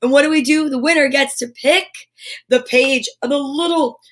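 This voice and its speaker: A woman hosting a live storytime stream, chatting in a bubbly, animated way straight to her viewers. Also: high voice, normal speed. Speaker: host of a live storytime show.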